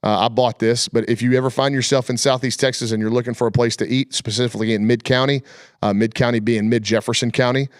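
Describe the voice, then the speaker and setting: A man's voice: medium pitch, steady tone, fast, no room sound, studio quality. A man hosting a sports talk show, chatting casually in a folksy, colloquial storytelling way. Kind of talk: casual chat.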